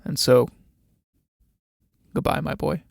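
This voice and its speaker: A domineering old military captain in a read-aloud play, measured and condescending in every command. A man acts him out in a dry, close recording with a mid-range voice. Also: medium pitch, little pitch movement, creaky, darkish tone, no echo.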